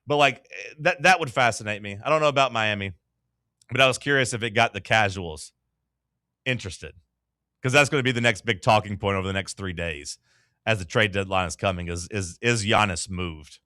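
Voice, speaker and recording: A man's voice: lowish voice, a little fast, sharp tone, no echo, studio quality. A man hosting a casual sports talk show, loose and chatty with lots of filler words.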